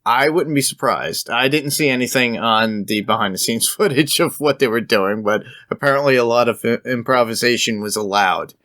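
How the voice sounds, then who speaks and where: Brief: relaxed male co-host, mid-pitched voice, laughs easily, dry studio sound. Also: normal speed, hardly any pauses, no echo. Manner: easygoing, laughs often, quotes film lines. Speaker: podcast co-host. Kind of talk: casual movie review chat.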